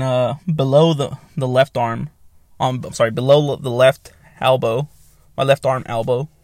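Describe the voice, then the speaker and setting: Gravelly man rambling on his podcast. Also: medium pitch, dry recording, clean studio sound. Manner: rambling, swears freely, self-correcting. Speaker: podcast host. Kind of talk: casual solo podcast monologue. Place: small soundproofed home office. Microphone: new podcast mic.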